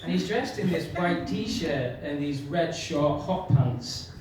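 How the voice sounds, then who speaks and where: A man's voice: fairly high pitch, expressive, slow. Echoey pub stand-up man. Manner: storytelling, conversational, self-mocking. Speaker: stand-up comedian. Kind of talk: stand-up comedy set. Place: pub venue with audience. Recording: distant mic, loud room echo, faint noise.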